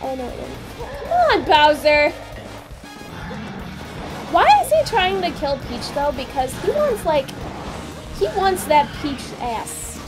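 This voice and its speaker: A high-pitched woman with an expressive, lively voice, chatting and playing through a let's-play session. She giggles and swears freely, with game music playing clearly behind her. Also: slow pace, long pauses. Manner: giggly, swearing, loud exclamations. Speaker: gaming video co-host. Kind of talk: casual let's-play banter.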